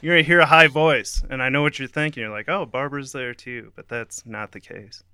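A man's voice: medium pitch, fairly even intonation, brisk, pushed and bright, clear, resonant tone, dry recording, studio quality. A man giving a playful, giggly play-by-play of an imagined scene, often breaking into laughter. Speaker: comedic narrator. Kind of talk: playful play-by-play over a song. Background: song playing.

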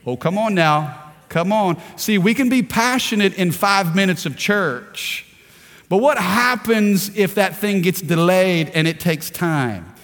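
A male pastor preaches with fervor, stacking rhetorical questions and repeating words as he drives his points home. His voice sits high, and it rings out in a large hall with a long reverb tail. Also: animated, a little slow, a bit bright. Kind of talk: sermon.

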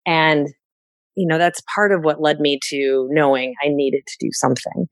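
Guest woman, low-pitched, candid and self-deprecating, dry close recording. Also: moderate pace, no echo. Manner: candid, reflective, laughs at herself. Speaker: interviewee, organizing client. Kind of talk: casual podcast interview.

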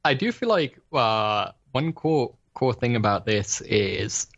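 A man rambles through a casual podcast chat, stopping and restarting his sentences and leaning on fillers. His voice is a medium pitch, and the recording sounds a little dull and lo-fi. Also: animated, slow pace, a bit bright.

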